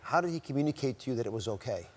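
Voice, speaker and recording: A middle-aged man hosting a TV talk show as a physician, gently questioning his guests in a studio with an audience. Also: medium pitch, lively intonation, rapid-fire. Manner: inquisitive, gently prompting guests.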